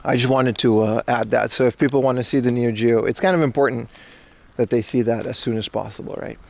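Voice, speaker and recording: A man's voice: medium pitch, fairly even intonation, fairly quick, creaky, a little mellow. Rambling man livestreaming outdoors. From Caribbean. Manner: chatty, rambling, joking with chat. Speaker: IRL livestreamer. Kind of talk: casual livestream chat. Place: outdoors walking through streets. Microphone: camera rig carried while walking.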